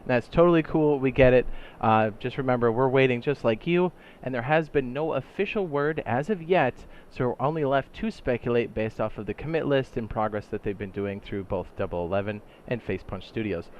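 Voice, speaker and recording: A man hosting a gaming update video, chatting casually and excitedly, throwing in silly sound effects. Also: medium pitch, brisk, hardly any pauses, muffled recording, slight background noise. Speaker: gaming channel host.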